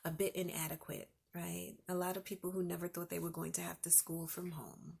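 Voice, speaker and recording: A woman hosting a faith-based podcast, who speaks like a parent and tells everyday stories conversationally, sometimes dropping to a soft whisper for emphasis. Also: lowish voice, level tone, a little fast, creaky, husky. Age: adult with children. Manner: uses everyday examples and asks the listener to picture them. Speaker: podcast host. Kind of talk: faith-based encouragement talk.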